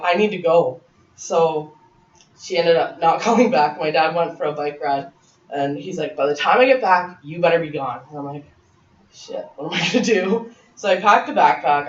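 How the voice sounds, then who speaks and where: A woman's voice: low voice, a little hiss or hum. Young woman, candid guest speaker, talks casually with lots of fillers, distant mic, dull roomy sound. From Ontario, Canada. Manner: candid, chatty, many "like" fillers, laughs often. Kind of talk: personal testimony to a class. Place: college classroom. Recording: echoey room from far off, slightly dull.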